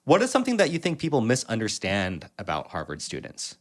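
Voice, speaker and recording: A man's voice: lowish voice, wildly swooping pitch, fairly quick. A man hosting a podcast, asking questions in a casual, joking way and laughing often. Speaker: podcast host. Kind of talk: casual interview chat.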